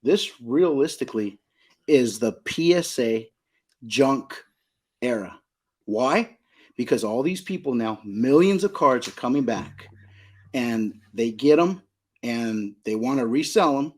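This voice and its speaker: A man's voice: mid-range voice, expressive, slow, a little mellow, slightly rough. A middle-aged man from Southern California, a card shop owner, talking emphatically as a podcast guest and repeating his points. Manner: emphatic, repeats points, asks "you know what I mean?". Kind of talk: casual podcast conversation.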